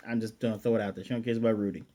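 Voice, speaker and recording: A man with a mellow, warm voice talks through an anime episode in a relaxed, chatty way. His delivery is animated, and he often corrects himself and trails into fillers as he goes. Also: on the low side, rapid-fire. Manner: animated retelling, often paraphrasing the characters' lines; chatty and loose, with frequent fillers and self-corrections. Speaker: anime reviewer. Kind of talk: casual episode recap.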